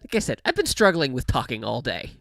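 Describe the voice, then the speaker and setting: A game streamer talks casually into a close studio mic with a pop filter, the pitch bouncing widely from low to high. The voice has a gravelly, fried edge, and the sound is dry with no room around it. The talk rambles with fillers and restarts, broken up by frequent laughter. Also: huge pitch swings, a little fast, a bit bright, no echo. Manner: rambling, many fillers and self-corrections; laughs often while talking. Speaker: gaming livestream host. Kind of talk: casual chat while livestreaming a game. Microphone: studio microphone with pop filter.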